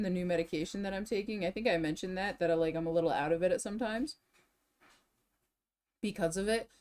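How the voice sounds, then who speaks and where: A young woman streamer chatting casually in a rambling way, restarting her sentences often and swinging between tired and excited. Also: on the low side. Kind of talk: casual chat.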